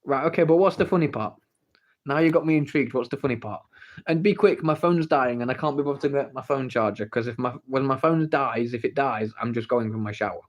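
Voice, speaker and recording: An English man with a mid-range voice hosts a casual livestream, talking a little fast over lo-fi phone audio. He reads the chat and playfully teases viewers, pleading with them to share the story.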